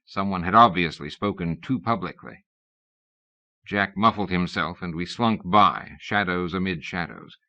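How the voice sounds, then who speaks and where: A man reading an audiobook, narrating in a measured, wry storytelling manner. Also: low voice, sharp tone. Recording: dull lo-fi cassette recording.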